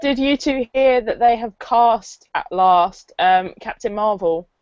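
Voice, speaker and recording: A woman's voice: fairly high pitch, measured pace, a little mellow, clear, resonant tone, dry recording. A woman co-hosting a podcast who chats enthusiastically and laughs easily. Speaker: podcast co-host. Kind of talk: casual chat. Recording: dull, dry lo-fi line.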